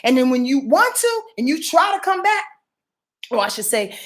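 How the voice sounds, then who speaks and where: Late-40s New woman, high-pitched, emphatic profane astrologer with a repetitive preacher's cadence. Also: sing-song, moderate pace. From New York. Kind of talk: casual weekly astrology rundown.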